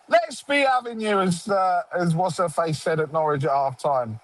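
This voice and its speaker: A man hosts a casual football fan chat in a high voice. He is sarcastic and mocking, grumbling about his own side with a joking edge. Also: normal speed, a bit bright, low-quality recording. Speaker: fan show host.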